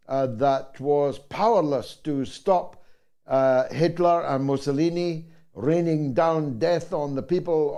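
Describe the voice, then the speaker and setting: Slow, dark-voiced talk show host. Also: male voice, on the high side. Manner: deliberate, sardonic, with drawn-out pauses. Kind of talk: radio talk show hosting.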